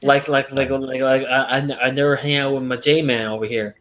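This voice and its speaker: A man's voice: medium pitch, level tone, moderate pace, a bit bright, a little hiss or hum. A man co-hosting a podcast in casual chat, rambling with many fillers and repeated words. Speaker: podcast co-host.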